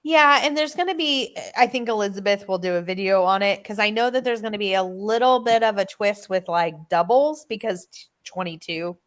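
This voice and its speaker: A woman chats over a home mic as co-host of a reading stream. Her voice is mid-pitched and ordinary, and her chatter is easy and enthusiastic, with restarts and asides. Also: fairly quick, hardly any pauses. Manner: chatty, enthusiastic about old TV shows. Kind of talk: casual chat.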